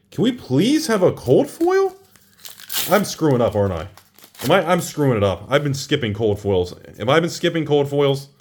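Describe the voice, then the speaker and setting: A man hosting a casual trading card box-opening video, chatty and prone to loud exclamations. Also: on the low side.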